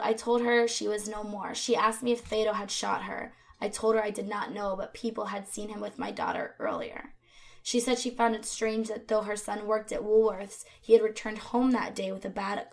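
A woman's voice: medium pitch, moderate pace. A woman co-hosting a podcast, recounting a true crime case in a conversational way with fillers and asides. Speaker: podcast co-host.

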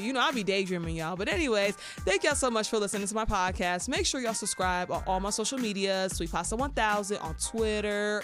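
A woman hosts her own podcast, talking frankly and casually in a chatty, blunt manner crammed with fillers. Her voice is medium-pitched, fairly quick and fairly bright, with soft music playing behind her.

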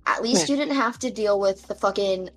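A woman in her twenties in casual chat with friends, excitable, swearing and laughing often. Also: mid-range voice, moderate pace, over loud music, rough recording. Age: 20s.

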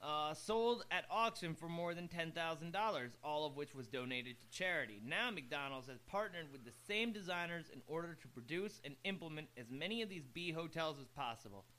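A man's voice: on the high side, expressive, fairly quick, few pauses, sharp tone. A man hosting a podcast in casual chat, joking and mocking himself while reading news aloud. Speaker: podcast host.

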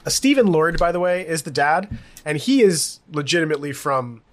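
A man co-hosting a casual TV recap podcast, rambling and animated, laughing often. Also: on the high side, normal speed. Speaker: podcast co-host.

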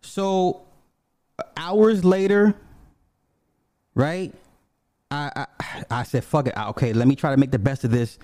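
A man telling a personal story in a casual, profane, animated way, swinging from low mutters to high exclamations. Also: a little slow, long pauses, dry recording.

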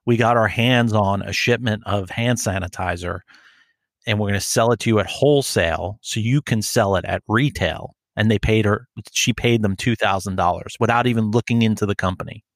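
A man co-hosting a podcast in casual chat, telling animated stories, acting out phone calls and swearing freely. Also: fairly low pitch, brisk, no echo, clean studio sound. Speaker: podcast co-host.

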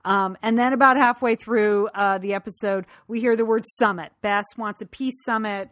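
A woman's voice: mid-range voice, fairly even intonation, fairly bright tone, dry recording, studio quality. Chatty woman recapping an episode. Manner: chatty, quick asides with frequent laughs. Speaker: podcast co-host. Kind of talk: casual chat recapping a TV episode.

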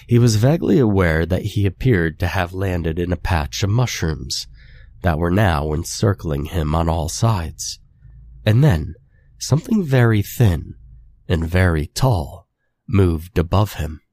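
Male horror narrator, very low voice, unhurried delivery. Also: animated, a little mellow, no echo. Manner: slow, measured reading. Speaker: storyteller.

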